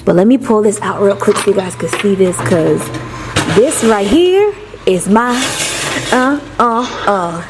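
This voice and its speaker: A woman chatting to camera while she cooks and eats in her home kitchen, savoring the food with long drawn-out hums. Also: medium pitch, expressive, echoey room, far from the mic, background noise. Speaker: lifestyle vlogger. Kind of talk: casual chat to camera while cooking.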